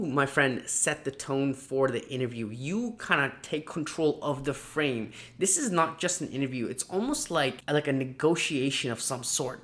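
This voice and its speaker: A man coaching viewers on job interviews in a direct-to-camera vlog, energetic and animated, now and then acting out quick mock dialogues. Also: on the high side. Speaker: marketing coach.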